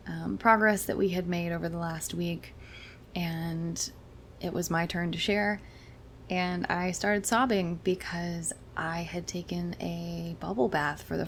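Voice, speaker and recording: A young adult woman, a chiropractor hosting a wellness talk, explaining in a soft, reassuring way and slowing down for emphasis. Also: medium pitch. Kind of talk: gentle explanatory monologue.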